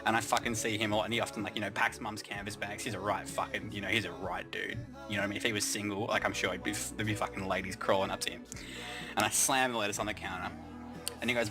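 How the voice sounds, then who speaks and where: Fast-talking Australian man telling a sweary comic story. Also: on the low side, level tone, over music. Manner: swears constantly, mock-grand, exaggerating. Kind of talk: comic storytelling, profane and rambling.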